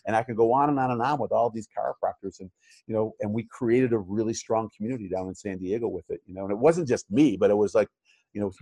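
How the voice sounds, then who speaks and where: A man's voice: lowish voice, dark tone, no room sound. Rambling middle-aged man, dry sound. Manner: rambling, many fillers and restarts. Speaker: chiropractor and practice coach. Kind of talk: casual interview conversation.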